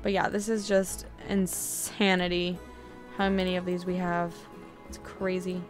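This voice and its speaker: A young adult woman giving casual, chatty gameplay commentary, excitable and quick to get frustrated. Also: lowish voice, over music. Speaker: video game streamer.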